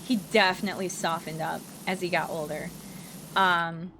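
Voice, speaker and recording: A young woman with a Midwestern American accent talks at a normal pace over background noise, casually telling her stream a story while she games. She's animated, and her voice jumps high whenever she gets exasperated.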